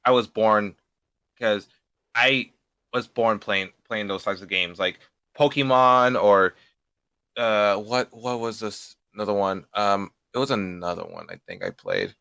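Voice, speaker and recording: A man's voice: on the low side, expressive, gravelly, bright, forceful tone, clear, resonant tone, no room sound. A young man in his late teens, a beginner voice actor, talking casually as an interview guest and often restarting his sentences. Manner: halting, repeats and restarts words.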